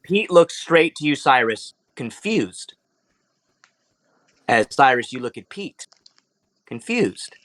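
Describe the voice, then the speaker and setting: A man's voice: medium pitch, sing-song, slow pace, long pauses, fairly bright tone, no room sound. A young man narrating a tabletop game as game master in a loose, casual way full of fillers.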